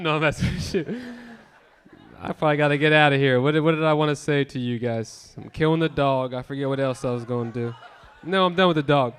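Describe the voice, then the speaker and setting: Bright-voiced profane stand-up comic man. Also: medium pitch, fairly quick, smooth. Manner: profane, animated storytelling with crowd banter. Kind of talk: live stand-up comedy. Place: comedy club stage.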